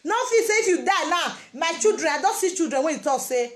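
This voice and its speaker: A woman's voice: very high voice, lively intonation, fast talker. A woman with a Nigerian Pidgin English accent giving a casual motivational talk, repeating her phrases for emphasis. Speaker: vlogger.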